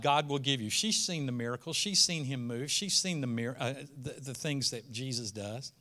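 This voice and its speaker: A man's voice: mid-range voice, normal speed, few pauses, pushed and bright. A male preacher, reading scripture aloud and breaking into casual asides that build to emphatic peaks. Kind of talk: sermon.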